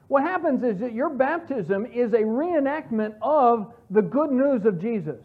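A woman leads a Bible study with earnest emphasis, her fairly high voice coming through a thin, phone-like channel. She explains scripture at length, stopping and restarting her phrases. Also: expressive, normal speed, hardly any pauses. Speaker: Bible teacher. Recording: tinny phone-like sound.

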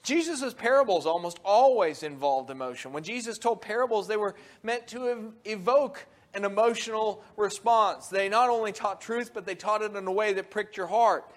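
A man with a high-pitched voice delivers a sermon. He talks in an animated way, rising loud and quick when he acts out quotes and sinking low and quiet on solemn points. He often restarts his sentences and chuckles between points. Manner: animated, swings from soft to loud when quoting. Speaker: preacher.

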